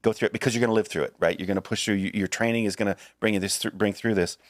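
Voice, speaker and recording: Low-voiced man on a dry mic. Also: steady tone, racing, no echo. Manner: earnest, reassuring, jokey asides. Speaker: podcast co-host. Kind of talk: casual chat.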